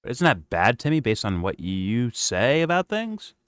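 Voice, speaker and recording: A man's voice: medium pitch, wildly swooping pitch, moderate pace, a bit bright, no room sound. A man hosting a reaction stream, talking casually and swearing often in a sarcastic, mocking way. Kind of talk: casual profane commentary.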